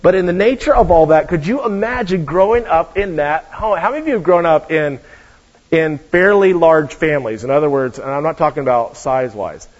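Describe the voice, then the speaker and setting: Guy with a high voice preaching, lively storytelling, cracks jokes, dull lo-fi sound. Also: fairly quick. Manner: lively storytelling with joking asides. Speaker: guest preacher. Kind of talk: sermon. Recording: dull lo-fi recording.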